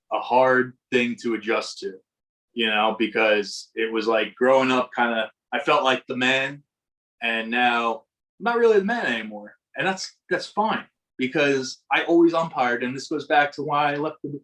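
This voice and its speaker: A man's voice: mid-range voice, moderate pace, fairly bright tone, low-quality recording. Middle-aged man telling reflective stories. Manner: reflective, rambling with restarts. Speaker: podcast guest, baseball umpire. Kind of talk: casual storytelling in interview.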